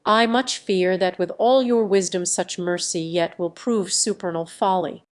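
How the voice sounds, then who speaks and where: A woman voicing a cool but hot-tempered male musketeer in an audiobook, speaking in a sharp, impatient way. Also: on the low side, fairly even intonation, measured pace, close to an everyday voice. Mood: tense.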